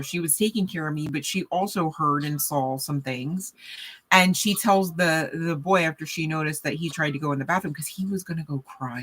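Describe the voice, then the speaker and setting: A woman giving a casual tarot card reading to viewers, chatty and animated, with frequent laughing asides. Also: deep voice.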